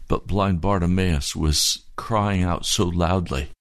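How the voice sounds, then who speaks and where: Slow, low-voiced male pastor. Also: dry recording, clean studio sound. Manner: deliberate, phrase-by-phrase retelling. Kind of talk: sermon storytelling.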